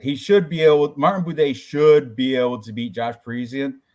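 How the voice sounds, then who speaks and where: A man's voice: mid-range voice, fairly even intonation, fairly quick, darkish tone. A man hosting a casual podcast about fight predictions, talking loosely with crude jokes and banter. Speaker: podcast host.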